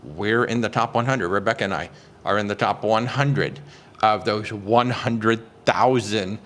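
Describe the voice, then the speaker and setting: In casual live-stream chat, a travel agent with a lowish voice takes cruise questions, sounding excitable and chatty. He greets people by name and pads his pauses with lots of "uh"s.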